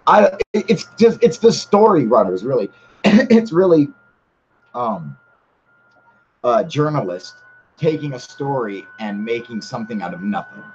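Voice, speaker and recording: Male livestream host, mid-pitched, blunt and swearing, rambling with fillers, slightly muffled audio with faint hiss. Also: very animated, a little slow, pauses often, a little mellow. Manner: blunt and heavily profane. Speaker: channel host. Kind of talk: casual livestream chat with viewers.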